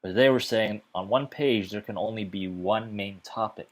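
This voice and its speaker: Low-voiced man explaining web code. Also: normal speed. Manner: chatty, fills gaps with okay and uh. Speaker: web development tutor. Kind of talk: casual explainer lesson.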